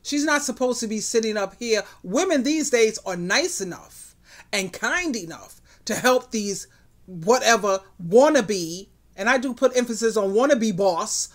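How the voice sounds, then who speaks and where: A woman's voice: a little high, lively intonation, measured pace. Outspoken woman giving relationship advice. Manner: emphatic, preachy, outspoken. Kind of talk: commentary vlog.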